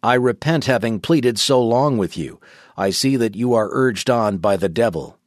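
A man's voice: mid-range voice, expressive, moderate pace, no room sound, studio quality, close to an everyday voice. A man voicing a hostile church dignitary who exclaims indignantly. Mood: scornful.

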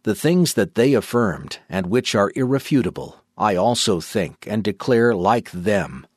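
Guy reading out a condemned martyr, steady and earnest, low voice, dry sound. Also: unhurried, dry recording. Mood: defiant. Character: condemned male martyr, defiant and devout.

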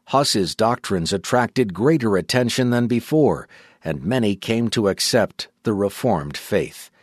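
A man narrates in a measured, solemn reading. His voice sits low. The recording is dry with no room sound. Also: expressive, no echo. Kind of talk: scripted audiobook narration.

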